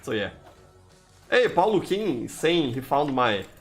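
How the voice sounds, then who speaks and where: A man's voice: mid-range voice, big pitch swings, slow pace, soft background music. A man from Brazil with a Brazilian Portuguese accent, chatting with viewers while he plays a game live, with many "you know"s and restarts. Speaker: game streamer. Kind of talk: live gameplay commentary.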